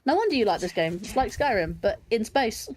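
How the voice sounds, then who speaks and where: A woman's voice: fairly high pitch, big pitch swings, fairly quick, a little mellow. A woman with a mix of London and standard Southern English accent, rambling and thinking aloud in casual chat during a game stream. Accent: London English mixed with standard Southern English. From England. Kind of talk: casual chat over gameplay.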